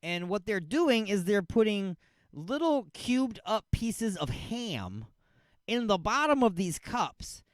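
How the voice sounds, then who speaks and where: A man's voice: high-pitched, animated, a little slow, no echo. A man hosting an internet radio show, chatting loosely and reading live ads in a rambling, upbeat way. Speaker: radio host. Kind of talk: casual radio chat with live ad reads.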